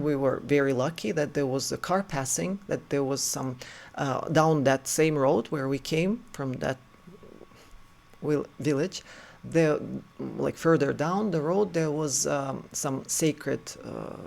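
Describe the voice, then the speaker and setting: Gravelly man telling a story casually. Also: mid-range voice. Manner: filler-heavy, acts out quotes. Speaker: storyteller host.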